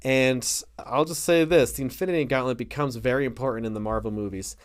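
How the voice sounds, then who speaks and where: A man co-hosting a casual film podcast, chatty and full of quick asides, laughing often. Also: mid-range voice, clean tone. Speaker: podcast co-host.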